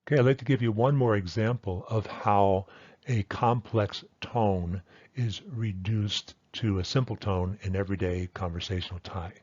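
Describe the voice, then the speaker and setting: Man, language teacher, patient explainer, repeats examples slowly, lowish voice, dry, dull lo-fi recording. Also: darkish tone, dry recording. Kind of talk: explanatory lesson.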